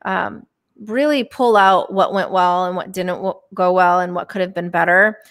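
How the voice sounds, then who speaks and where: Speaking as a podcast guest, a professional bowler in her thirties shares a personal story with candor and emotion, often using fillers and restarting sentences. Her lowish voice is a bit bright, with fairly even intonation and a moderate pace.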